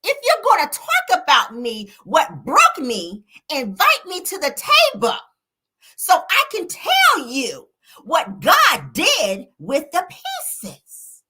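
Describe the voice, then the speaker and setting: A soaring, drawn-out singer's voice with a little attitude, as a woman puts her on. It stretches every word slowly and pitches up well above the speaker's normal voice. The tone is bright and husky. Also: huge pitch swings, heavily acted. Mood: impassioned. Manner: slow, drawn-out and pleading.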